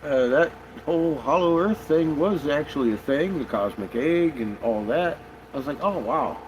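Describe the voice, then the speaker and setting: A man's voice: a little high, normal speed, a little mellow, a little hiss or hum, rough recording. A man talking casually in a rambling monologue, swearing often and restarting his sentences. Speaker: conspiracy vlogger.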